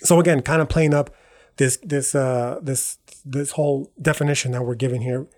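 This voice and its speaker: This podcast host talks in a steady mid-range voice at a moderate pace, slightly mellow. His monologue is casual, slangy and profane, wandering and self-correcting, peppered with "right?" and "dog."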